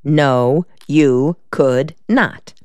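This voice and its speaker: A woman's voice: low-pitched, drawn-out words, a little mellow, dry recording. A woman reading the part of a shrewd, wisecracking male defense lawyer in an audiobook, in a dry, decisive manner.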